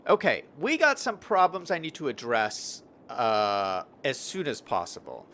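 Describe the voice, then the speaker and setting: A man's voice: mid-range voice, huge pitch swings, unhurried, a bit bright. A young man casually commenting on his city-building game and reading chat messages during a live stream. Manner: chatty, upbeat, reads out chat messages.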